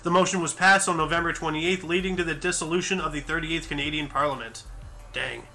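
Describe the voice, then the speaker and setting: A man with a high, very bright voice runs a casual podcast, rattling off dates and sports scores from a list. He breaks in with chatty, joking asides. Faint music plays under him. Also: fairly even intonation, fast. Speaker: podcast host reading history events. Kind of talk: casual chat reading off a list.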